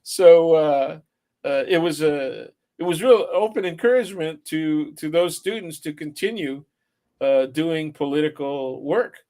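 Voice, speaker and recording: A man's voice: on the high side, unhurried, mellow. A man talking casually as an academic guest, hesitant, with many fillers. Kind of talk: casual conversation.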